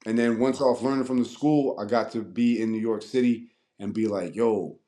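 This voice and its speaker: A man in his forties from Maryland tells his story in a loose, profane way. His voice sits at a middle pitch, and he slips into quoted voices as he goes. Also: steady tone, normal speed, dark tone. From Annapolis, Maryland, USA. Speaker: guest rapper. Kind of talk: casual storytelling interview.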